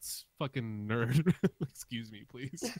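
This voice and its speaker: A man's voice: mid-range voice, expressive, takes it slowly, a little mellow, husky, no room sound. Male co-host, congested and sore-throated, playful and self-mocking, dry close sound. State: stuffy nose and sore throat. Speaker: podcast co-host. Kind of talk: casual podcast chat.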